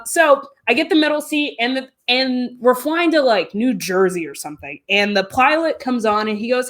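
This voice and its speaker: A woman guest telling a story in a casual, animated way, full of fillers and quick laughs. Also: fairly high pitch.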